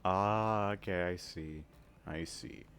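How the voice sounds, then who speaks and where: A man casually talking through a flight simulator game, thinking aloud with many pauses and filler words, and breaking into sudden excited outbursts. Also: low voice, smooth. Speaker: flight sim gamer. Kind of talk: casual gameplay commentary.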